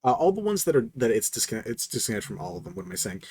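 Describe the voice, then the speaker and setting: A man's voice: fairly low pitch, sing-song, rapid-fire, a little mellow, breathy edge. A man narrating as game master of a tabletop game, laughing often as he describes the action.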